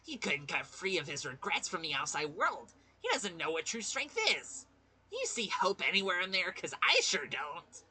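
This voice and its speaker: A man performing a gleeful, cruel bear mascot with a bright, breathy voice that leaps wildly up and down. The bear taunts everyone in a singsong, theatrical way, savoring every mockery. It sounds like a game character brought to life by a player reading the lines aloud. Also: high-pitched, big pitch swings, moderate pace, full character voice. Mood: gloating. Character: gleeful, mocking bear mascot who oversees executions.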